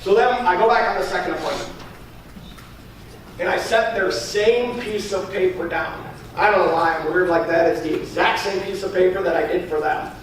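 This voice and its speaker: A man who talks fast while teaching a sales class, acting out his pitch to clients and often checking in with "all right?". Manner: fast-talking, keeps asking "all right?". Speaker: sales trainer. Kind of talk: training talk with role-played sales pitch. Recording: very echoey room from far off, faint noise.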